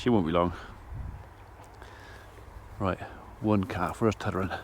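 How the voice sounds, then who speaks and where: A man's voice: sits low, a little slow, a little hiss or hum. A middle-aged man, a farmer vlogging casually outdoors as he feeds his animals and chats away to them. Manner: chatty, talks to his animals while feeding them. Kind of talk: casual vlog while doing farm chores. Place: farmyard outdoors.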